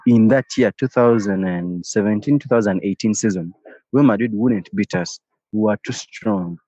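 A man's voice: lowish voice, moderate pace, mellow, dry recording. A man, telling a passionate story in an interview and often repeating and restarting phrases. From Uganda. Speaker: interviewee, football fan. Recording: dry, slightly dull recording.

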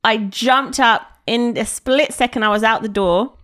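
A woman co-hosting a podcast, telling a story with lots of laughter in casual chat. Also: a little high. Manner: laughing storyteller, quick and expressive. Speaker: podcast co-host.

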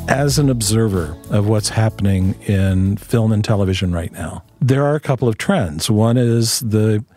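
A man interviewing a filmmaker, setting up his questions in a measured way. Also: fairly low pitch, warm tone, soft background music. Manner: measured, sets up questions with context.

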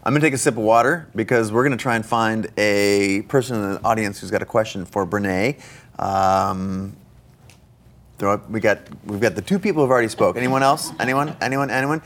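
A man hosting a live on-stage conversation, chatty and enthusiastic, with quick asides. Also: fairly low pitch. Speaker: host, interviewer. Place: stage before a live audience.

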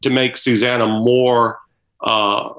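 A man documentary filmmaker answering interview questions, searching for words with many pauses. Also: mid-range voice, little pitch movement, sharp tone, poor audio. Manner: halting, many fillers and restarts.

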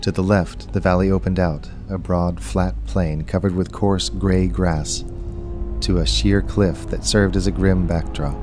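A man reading a story aloud as narrator, in a measured, unhurried storytelling manner. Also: low-pitched, steady tone, music in the background. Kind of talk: scripted audiobook narration.

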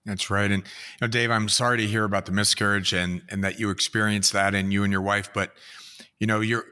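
A middle-aged man speaks as a podcast guest, gentle and measured, with halting pauses. His voice sits a bit low but sounds bright and forward. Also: little pitch movement. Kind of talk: conversational podcast talk.

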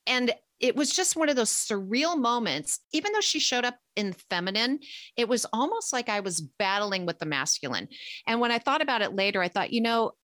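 A woman telling a personal travel story in a casual, animated way. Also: a little high, fairly quick, no room sound.

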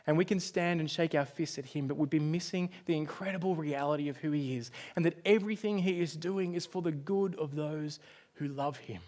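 Preacher with a higher voice. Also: male voice, a little fast. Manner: dramatic storytelling, swings from loud outbursts to hushed tones. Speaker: pastor. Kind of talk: sermon.

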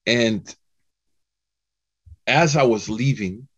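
A man telling a personal story in a talk to a Muslim audience, chatty and animated, full of "you know" and "man". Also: mid-range voice, very slow, slightly rough, lo-fi sound. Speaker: Muslim speaker giving a talk.

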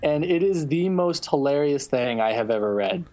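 A man's voice: a little high, lively intonation, moderate pace, darkish tone, soft background music. A young man chatting casually on a podcast about his webcomic, rambling with restarts. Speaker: webcomic artist guest.

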